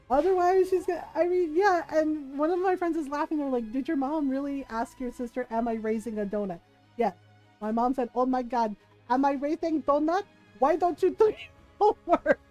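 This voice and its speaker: A woman with a high voice chats casually while streaming a game, telling stories and laughing often. She slips into quick impressions of her family as she talks. Soft game music plays faintly behind her. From Filipino family. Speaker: gaming streamer. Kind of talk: casual storytelling while gaming.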